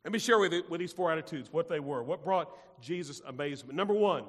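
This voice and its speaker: A high-pitched male pastor delivers an emphatic sermon, repeating phrases and firing questions at his congregation. His voice rings out with a long reverb, as if heard across a big church hall. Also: expressive, fast talker, hardly any pauses.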